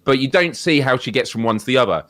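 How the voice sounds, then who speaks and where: A man chatting on a gaming podcast in a middle-pitched voice. He tells stories in a rambling, animated way and laughs often. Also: fast, no room sound. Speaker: podcast co-host. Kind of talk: casual chat.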